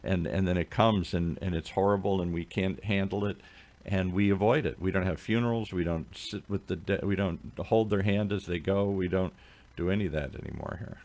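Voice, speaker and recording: A man's voice: low-pitched, a little fast, darkish tone. A middle-aged man co-hosting a radio talk show, chatting and telling stories with many restarts. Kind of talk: casual talk radio conversation.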